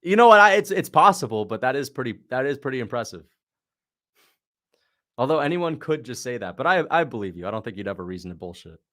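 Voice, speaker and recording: A man's voice: medium pitch, lively intonation, fast, a bit bright. Slangy man hosting a fight livestream. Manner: slangy, chatty, answers viewers. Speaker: livestream host. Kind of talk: casual watch-along commentary.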